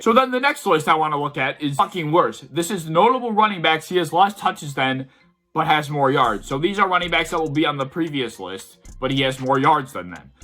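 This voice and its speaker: Heated, bright-voiced young man ranting. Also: medium pitch. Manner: heated, profane, repeatedly exasperated. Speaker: sports video host. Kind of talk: ranting sports commentary.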